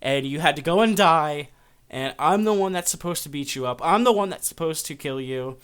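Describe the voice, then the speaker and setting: A man voicing a brash teenage rival brawler who rants loudly and sounds aggrieved. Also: a little high, normal speed, smooth. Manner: shouting, aggrieved.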